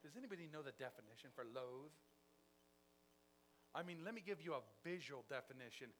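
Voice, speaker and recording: A man preaching a sermon, telling a story with acted-out dialogue and big swings in loudness. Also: mid-range voice, lively intonation, brisk, a little hiss or hum.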